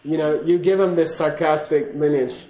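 A man's voice: a little high, fairly even intonation, moderate pace, warm tone, echoey room, low-quality recording. A man giving a casual spoken teaching to a class, chatty and laughing, often checking in with "okay?". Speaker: Buddhist teacher.

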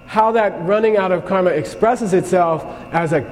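Fairly high-voiced man lecturing in a hall. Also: normal speed. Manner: conversational, keeps checking in with the class. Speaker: Buddhist teacher. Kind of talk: classroom lecture with anecdotes. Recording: long hall reverb, faint ambience.

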